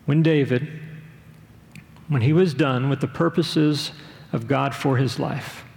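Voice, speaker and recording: A middle-aged man preaching a sermon in an earnest, measured way, often asking his listeners direct questions. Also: mid-range voice, steady tone, vocal fry, darkish tone. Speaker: pastor. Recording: long reverb of a large hall.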